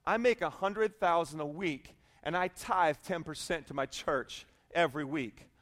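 A man voicing a calm, laid-back shipwrecked man who sounds unbothered. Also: a little high, measured pace, pitched below the performer's own voice. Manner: relaxed, unbothered.

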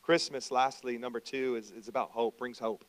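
A pastor preaching a conversational sermon, dropping into quiet reflection and rising into loud, emphatic preaching. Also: male voice, mid-range voice, fairly even intonation, normal speed, no echo, rough recording.

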